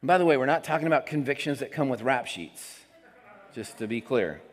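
A man preaching a sermon as pastor of his church, talking casually with the congregation. He drops into soft asides and then rises on emphatic statements. His voice rings with the long reverb of the sanctuary. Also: mid-range voice, lively intonation, fairly quick. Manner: conversational preaching, swings between soft asides and emphatic lines.

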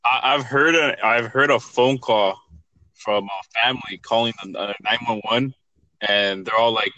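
Bright-voiced young man, swearing. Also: medium pitch, poor audio. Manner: swearing, halting with restarts and laughs. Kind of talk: casual chat.

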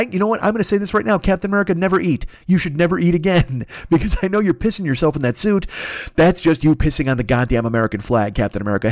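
A middle-aged man from Illinois riffs through a profane, rambling comic monologue, spinning out one ridiculous scenario after another. His voice sits a touch high for a man and carries a gravelly fry, and the recording is dry and close. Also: no room sound.

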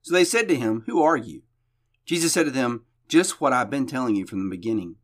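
A man's voice: medium pitch, animated, brisk. A man hosting a devotional podcast, reading a Bible passage aloud and then explaining it conversationally, often restarting and repeating words.

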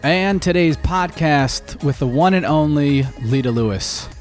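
A man's voice: on the high side, animated, a little slow, faint music behind. A man hosting a podcast, reading sponsor spots and bantering with his co-host. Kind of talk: casual chat and ad read.

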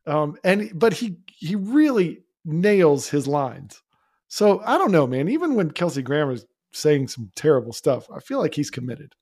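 Animated man chatting about a movie. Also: fairly high pitch, unhurried. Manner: opinionated, animated, laughs often. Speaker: podcast co-host. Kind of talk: casual movie discussion.

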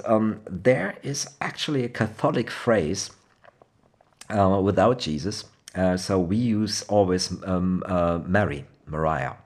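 A man's voice: low voice, darkish tone, slightly rough. A man from Cologne with a Rhenish German accent, a native German speaker, casually explaining his dialect in English, rambling with many fillers, restarts and laughs. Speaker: language explainer.

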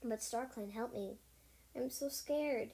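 A worried, proud she-cat warrior from a storybook, talking things through in first person, as a woman reads her out. The voice sits a little high and stays plain, with the odd stumble over words. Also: slow, gravelly, mellow. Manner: plain reading voice with small slips.

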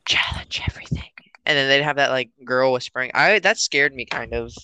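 A teenage man co-hosting a podcast in casual chat, rambling and acting out his parents in loud quotes. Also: medium pitch, a little fast, smooth, dry recording, low-quality recording. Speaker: podcast co-host.

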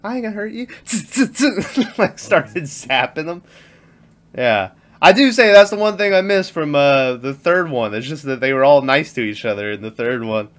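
Animated laughing man chatting movies. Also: a little high, unhurried. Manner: laughing, animated, acts out lines, swears a lot. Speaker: podcast co-host. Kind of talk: casual movie chat.

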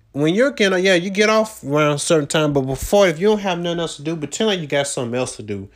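A man telling a loose, profane story about his jobs, full of slang and fillers, recorded without a proper microphone. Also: medium pitch. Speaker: vlogger recounting his job search. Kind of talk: casual rambling storytelling.

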